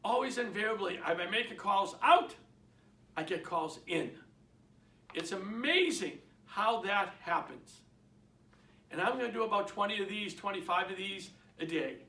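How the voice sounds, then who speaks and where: A middle-aged man with a Boston accent, coaching real estate agents in an energetic, emphatic way and acting out phone calls. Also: high-pitched, measured pace, long pauses, far from the mic. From Boston area. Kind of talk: instructional talk. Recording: echoey room, speaker away from the mic.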